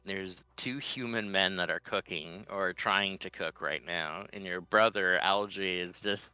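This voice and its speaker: A man narrating a tabletop role-playing game as game master, lively and laughing often, with dull lo-fi audio. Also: deep voice, measured pace, clean tone, no echo.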